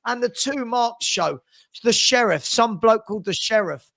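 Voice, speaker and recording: A chatty man hosts a casual live stream and reads viewers' messages aloud. His voice sits fairly high for a man. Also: lively intonation, moderate pace, gravelly, fairly bright tone. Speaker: livestream host. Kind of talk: casual live watchalong chat.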